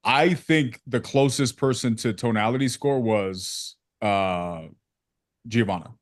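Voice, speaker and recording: A sales coach gives a man blunt feedback on a sales call, using slang, calling people bro, and quickly acting out examples. His ordinary-pitched voice is close and dry with no room sound, and his coaching is direct and animated.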